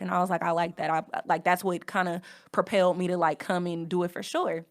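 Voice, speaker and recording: A woman's voice: on the low side, fairly even intonation, normal speed. A woman hosting a podcast, talking candidly and frankly in casual speech. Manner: frank, conversational, reading from notes. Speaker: podcast host. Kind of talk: candid personal monologue.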